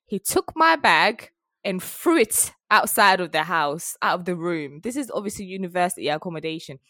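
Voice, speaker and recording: A young woman, telling a story in a frank, animated way while chatting as a podcast co-host. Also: fairly low pitch, moderate pace, no echo, studio quality. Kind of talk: casual chat.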